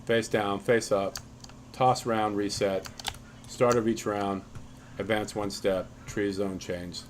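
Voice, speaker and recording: A man walking through the rules of his card game in a loose, casual tutorial, often restarting sentences and filling pauses with ums. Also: on the low side, level tone, slight background noise.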